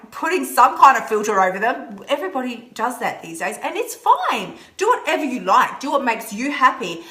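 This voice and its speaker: A woman's voice: on the high side, bright, forceful tone, echoey room. A woman hosting a casual live stream from home, chatting playfully with viewers by name. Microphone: phone or laptop camera, moving close and away.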